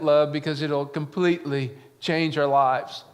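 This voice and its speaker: A man preaching a sermon as pastor, telling a story gently with pauses and fillers, moved to emotion. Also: medium pitch, flat delivery. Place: church sanctuary. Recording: church sanctuary with long reverb.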